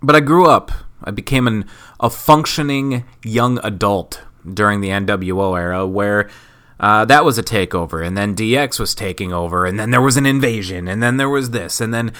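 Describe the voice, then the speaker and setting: A man's voice: lowish voice, normal speed, pushed and bright. A man in his thirties from Wisconsin, sick, hosting a casual solo podcast with rambling, self-mocking jokes. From Wisconsin, USA. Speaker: podcast host.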